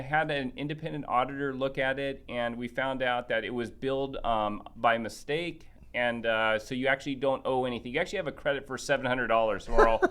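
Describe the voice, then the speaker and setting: Guy on a podcast telling a long story, medium voice, acts out what people said, lots of restarts. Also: medium pitch. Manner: animated, acts out quoted dialogue; many restarts and fillers. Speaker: podcast guest. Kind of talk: casual storytelling chat.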